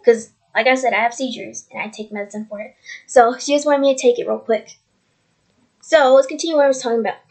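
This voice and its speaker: A woman's voice: on the high side, fairly even intonation, fast, darkish tone. A woman vlogging at home on her computer, talking earnestly and rambling, repeating herself as she shares her faith. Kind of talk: casual faith testimony vlog. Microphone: computer mic.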